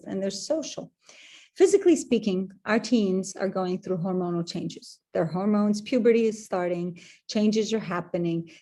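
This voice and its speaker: A woman's voice: mid-range voice, mellow. A middle-aged woman hosting a parenting workshop, talking conversationally and often restarting her phrases. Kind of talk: online parenting workshop talk.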